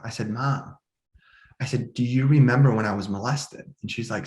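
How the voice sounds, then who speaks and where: A man's voice: mid-range voice, moderate pace, a little mellow, reverberant. A man recounting a personal story in conversation, with an emotional, restless delivery full of restarts and quoted dialogue. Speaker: podcast guest. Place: indoor room at home.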